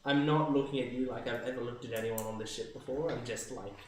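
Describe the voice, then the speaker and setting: Man player, halting and rambling, very echoey room, faint hiss. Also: mid-range voice, fairly even intonation, distant mic. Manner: halting, rambling with many restarts. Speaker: tabletop player. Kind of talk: in-character role-play.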